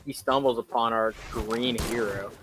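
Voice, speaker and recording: A man's voice: medium pitch, fairly even intonation, normal speed, music in the background. A young man hosting, casually retelling a film plot in rambling fashion, full of fillers and self-corrections. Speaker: host.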